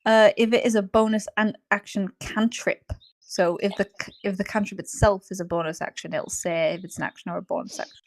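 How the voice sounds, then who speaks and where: A woman's voice: medium pitch, fairly even intonation, a little fast. Woman narrating as game master. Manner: hesitant, filler-heavy, explaining rules.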